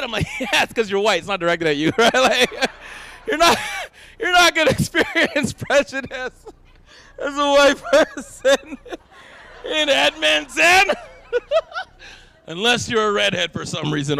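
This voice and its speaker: A young Canadian comedian works a live crowd from the stage, his voice pitched unusually high with a gravelly rasp. He talks in bright, swooping bursts, laughs at his own jokes and shouts the punchlines. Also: animated, normal speed. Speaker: stand-up comedian. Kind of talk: stand-up comedy set. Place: event stage before a live audience.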